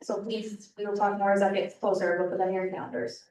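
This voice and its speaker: A woman's voice: mid-range voice, little pitch movement, quick pace, a little mellow, slight background noise. Woman announcing club business in a roomy hall. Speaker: club meeting leader. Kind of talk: meeting announcements. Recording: echoey room, distant mic.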